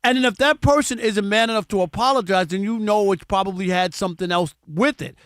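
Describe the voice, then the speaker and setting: A man's voice: sits high, fairly quick, fairly bright tone, dry recording, studio quality. A man co-hosting a sports talk radio show, insistent and repeating his points.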